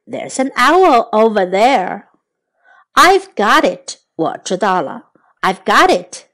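A woman leads a bilingual English lesson for children, saying each phrase slowly and more than once. Her voice is high and animated, and her pace stays unhurried. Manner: slow, repeats each phrase, explains in Chinese.

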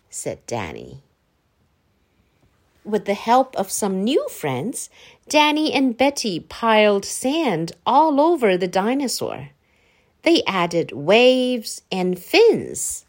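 A woman reading a children's story aloud in an expressive, unhurried way. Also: medium pitch. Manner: expressive, sing-song, unhurried.

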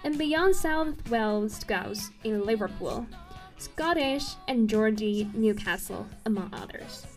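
A woman's voice: fairly high pitch, lively intonation, slow, over music. A woman presenting an explainer video in an earnest narrating tone, now and then stumbling over a word and correcting herself.

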